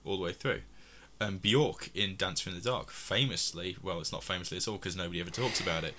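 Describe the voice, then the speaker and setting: A man's voice: sits low, fast, pushed and bright. A man from England chatting casually about films, rambling with many restarts and frequent laughs. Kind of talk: casual film discussion.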